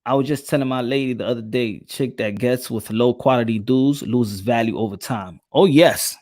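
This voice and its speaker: A man's voice: medium pitch, moderate pace, a little mellow, no echo, clean studio sound. A man with a New York accent hosting a casual chat, loose and slangy, laughing often. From New York City. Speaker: podcast host.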